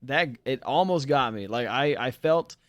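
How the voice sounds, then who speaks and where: A man's voice: medium pitch, animated, measured pace, no echo. A man in casual movie chat on a podcast, talking in loose, emphatic slang. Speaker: podcast co-host.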